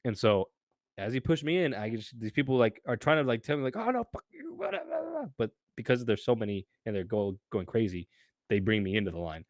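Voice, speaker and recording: A young American man, co-host of a podcast, telling a story in a casual, animated way, acting out voices and swearing freely. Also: lowish voice, brisk, dry recording, studio quality. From United States.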